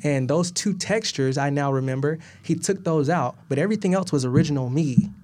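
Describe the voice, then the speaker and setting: Animated man telling a story, laughing often. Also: a little high, fairly quick. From Atlanta, US. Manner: animated, laughing often, swearing, acting out dialogue. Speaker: guest. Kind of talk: casual storytelling.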